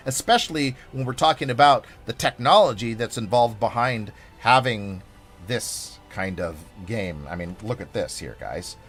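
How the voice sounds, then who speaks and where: A man's voice: medium pitch, a bit bright. A man streaming a game, chatting casually in a rambling, playful, over-the-top way full of fillers. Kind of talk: casual live-stream chat.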